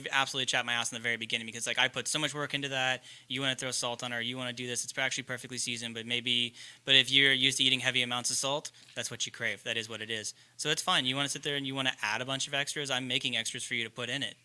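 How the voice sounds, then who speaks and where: A man's voice: medium pitch, flat delivery, racing, hardly any pauses, sharp tone, clean tone. A man who runs a ramen business, explaining his cooking at length in a casual podcast conversation. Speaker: chef and ramen maker.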